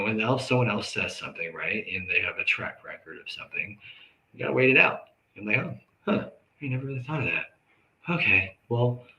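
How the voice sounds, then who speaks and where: A man hosting a live talk show, speaking earnestly and conversationally about grief and forgiveness, with sudden loud outbursts and quick asides. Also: lowish voice, rough recording.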